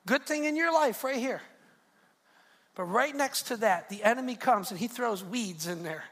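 A man's voice: extremely high pitch, lively intonation, normal speed, a bit bright. A male pastor preaching a sermon, fervent and repetitive, with a driving preaching cadence.

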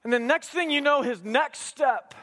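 Man, preacher, sermon, very high voice, emphatic, conversational, humorous asides. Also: moderate pace, pushed and bright.

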